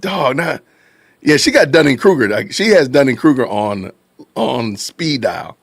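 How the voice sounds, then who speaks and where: Man, podcast host, lively swooping delivery, dry close sound, chatty live-stream reactions. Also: mid-range voice, a little slow, no room sound. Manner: animated, reacting to chat, laughing, repeating phrases. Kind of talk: casual live-stream commentary.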